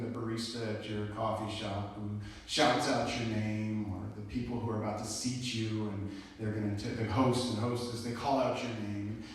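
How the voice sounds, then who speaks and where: A man preaching a sermon as pastor, telling the story in a conversational way with casual asides. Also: lowish voice. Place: church sanctuary. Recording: echoey church hall from far off.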